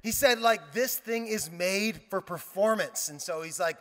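A male pastor preaches a sermon in a high, bright voice. His words ring out with a long hall reverb. He slips into storytelling, acting out quoted lines and tossing in playful asides. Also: measured pace.

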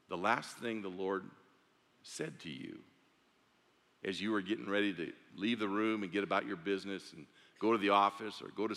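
A man's voice: lowish voice, creaky. A male pastor preaching an earnest, conversational sermon in a church. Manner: earnest, conversational, with restarts and soft drops. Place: church sanctuary. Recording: echoey church sanctuary.

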